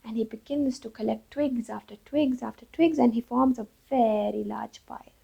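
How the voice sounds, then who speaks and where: A woman with a raised pitch and a husky, gravelly texture tells a fable in a lively way. Her tone is warm and mellow, and she shifts her voice for each character in the tale. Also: normal speed, highs cut off. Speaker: storyteller. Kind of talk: storytelling for children.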